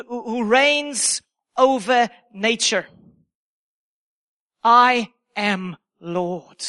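Very high-voiced emphatic male preacher. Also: bright, forceful tone. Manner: emphatic, repeats key phrases for effect. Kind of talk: sermon.

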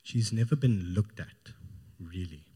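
A man's voice: lowish voice, a little slow, mellow, slightly rough. A man preaching a sermon, retelling a Gospel story in an informal, storytelling way. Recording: long hall reverb.

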